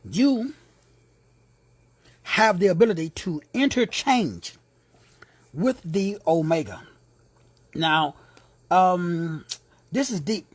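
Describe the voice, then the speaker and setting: A man's voice: high-pitched, lively intonation, slow pace, pauses often, no room sound. A man teaching a sermon-style Bible lesson, emphatic and repetitive, with slangy asides to his listeners. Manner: emphatic, repeats key words, slangy asides.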